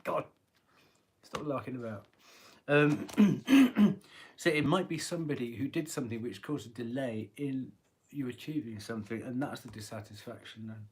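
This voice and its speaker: A man with a husky voice giving a live tarot reading, chatty and rambling, often clearing his throat. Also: medium pitch, moderate pace, darkish tone. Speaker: tarot reader.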